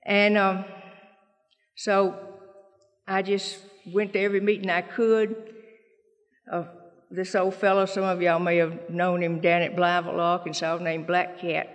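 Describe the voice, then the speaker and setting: A woman with a Southern drawl tells her own story before a meeting in a relaxed, folksy way. She slips into the voices of the people she quotes. Her words ring back from a large hall with a long echo. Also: on the low side, measured pace, long pauses. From Mississippi, US. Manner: folksy storytelling, acting out others' lines. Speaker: speaker sharing her recovery story. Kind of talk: personal testimony at a meeting.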